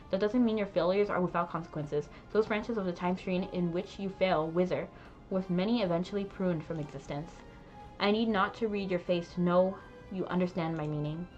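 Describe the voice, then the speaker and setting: A woman voicing a solemn, ancient divine female spirit in a game, speaking in slow, grave, formal proclamations. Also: lowish voice, a little mellow, highs cut off, lightly acted. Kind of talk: reading game dialogue aloud.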